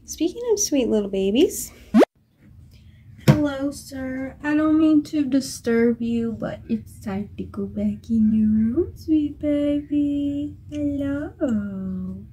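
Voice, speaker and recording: A woman coos at her pets in gentle baby talk, then chats casually about their setup. Her voice sits a little high but has a mellow, darker warmth, and she takes her time, speaking slowly and softly. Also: slight background noise. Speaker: pet-keeping vlogger. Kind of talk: casual vlog chat.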